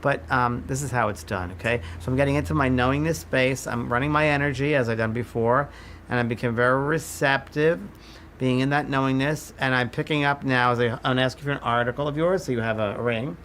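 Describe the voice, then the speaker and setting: A man of middle pitch teaching a psychic class, talking through a live demonstration. He moves in short, halting phrases and keeps circling back to what he feels. Faint noise sits under his voice. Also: steady tone, fairly bright tone. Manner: halting, repeats "I feel" while reading impressions.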